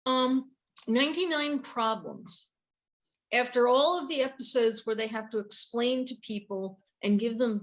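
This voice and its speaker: High-voiced woman retelling a story. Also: rough recording. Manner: lively storytelling, retelling a plot step by step. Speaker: panel guest. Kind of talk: casual panel discussion.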